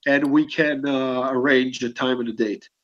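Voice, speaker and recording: A man hosting a casual online panel chat, talking haltingly with many pauses. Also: medium pitch, fairly even intonation, fairly bright tone. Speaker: stream host. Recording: dull lo-fi mic.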